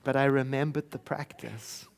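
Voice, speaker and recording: A man from South Africa giving a sermon in a church, telling a personal story in a conversational way and slowing into soft, chanted affirmations. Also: medium pitch, steady tone, creaky. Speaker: minister. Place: church sanctuary.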